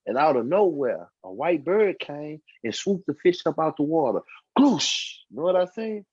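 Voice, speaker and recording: A podcast guest with a slightly high, breathy voice tells his life story at a moderate pace, very animated as he performs the voices of the people in it. The casual testimony is captured in a dull, lo-fi, dry recording.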